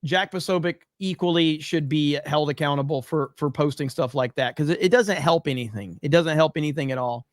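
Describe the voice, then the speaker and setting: A man with a fairly high voice hosts a podcast and rants bluntly, swearing freely as he reacts to clips. The sound is dry and close, with no room around it. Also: fairly quick, few pauses, no room sound. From USA. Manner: blunt and profane, heated. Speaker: podcast host. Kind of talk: casual political commentary.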